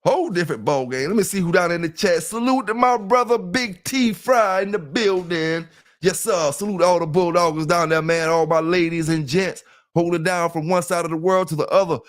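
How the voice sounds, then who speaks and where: A man's voice: high-pitched, brisk. A middle-aged man with a Southern US accent, hosting a casual livestream and talking loosely to his viewers. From South Carolina. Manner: loose and talkative, keeps saying "you know what I'm saying", greets chat members. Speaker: livestream host.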